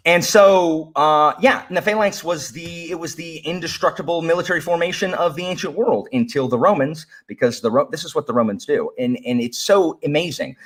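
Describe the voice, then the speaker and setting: A man who teaches history, talking excitedly as a podcast guest and getting worked up as he speaks. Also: a little high. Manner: excitable, animated, gets worked up. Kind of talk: casual chat.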